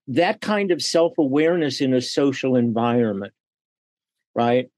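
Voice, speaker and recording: Animated middle-aged man, dry close sound. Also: medium pitch, unhurried, no room sound. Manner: animated storyteller who acts out quoted dialogue. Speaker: guest, business leader and coach. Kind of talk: podcast interview.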